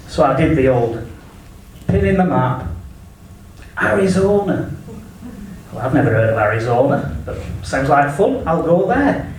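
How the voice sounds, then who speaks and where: A man's voice: a little high, very animated, a little slow, darkish tone. A man with an English accent doing a crude stand-up comedy set, delivering brash punchlines. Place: comedy club stage. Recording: echoey venue from far off, faint noise. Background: audience laughter.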